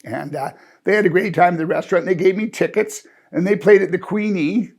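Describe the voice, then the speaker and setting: A man's voice: sits high, a little fast, a little mellow. A man in his sixties telling an amused, rambling personal anecdote in a chatty way. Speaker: storyteller. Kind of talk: casual anecdote.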